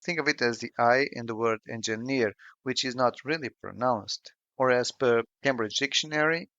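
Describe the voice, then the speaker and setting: A man narrating a scripted pronunciation lesson, slowing down to model each example sound with care. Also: medium pitch, sharp tone, no echo. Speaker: language tutor. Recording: dull, lo-fi and dry voice-over.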